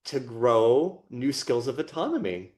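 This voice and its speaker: A man's voice: medium pitch, big pitch swings, measured pace, darkish tone. Man co-hosting a reflective podcast. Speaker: podcast co-host. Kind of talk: conversational podcast discussion.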